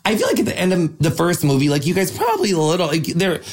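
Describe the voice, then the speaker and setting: Male interviewer, upbeat fan energy, slightly raised pitch, rambling filler-heavy chat. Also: wildly swooping pitch, quick pace, husky. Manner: effusive, fan-like, chatty with frequent "like" and swearing. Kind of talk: casual gushing interview chat.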